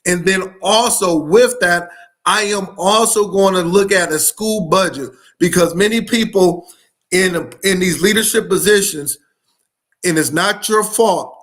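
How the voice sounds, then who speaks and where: A man from Michigan hosting a live education stream, greeting viewers with energetic, repetitive shout-outs. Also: sits high, a little slow. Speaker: host of live education show.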